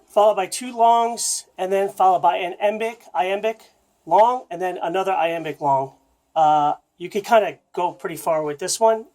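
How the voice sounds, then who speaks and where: A man giving a casual drum lesson, talking in a relaxed, halting way with many fillers, recorded on a phone. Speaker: drum teacher. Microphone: phone camera. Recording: low-fidelity phone audio.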